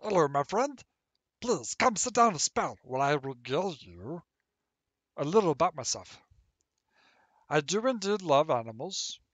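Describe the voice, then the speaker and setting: A man voicing a genial male hobbit armorer who speaks of order and defending his home in a slow, grand storytelling way. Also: a little high, sing-song, fairly bright tone, no echo, pitched above the performer's own voice. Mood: genial, grave. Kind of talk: reading a roleplay backstory in character.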